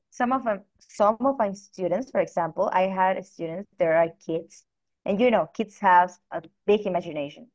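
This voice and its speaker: A woman teaching an online language class, speaking slowly and patiently and spelling words out letter by letter. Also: medium pitch. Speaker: Spanish teacher. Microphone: video call. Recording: dull lo-fi video call audio.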